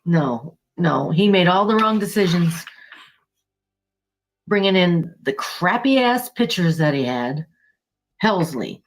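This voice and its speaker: Angry, profane woman with a lowish voice. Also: lively intonation, slow, long pauses. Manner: heated, exasperated and profane. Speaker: podcast co-host. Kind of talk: casual sports podcast rant.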